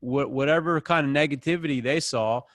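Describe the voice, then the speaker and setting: A man's voice: on the high side, a little fast, a bit bright, no echo. A man leading a group session over a video call, talking in a casual, rambling, encouraging way.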